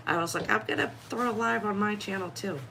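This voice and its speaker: A woman co-hosting a live tarot reading as a guest reader. She talks in a giggly, quick, chatty way. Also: mid-range voice, gravelly, sharp tone, slight background noise, poor audio.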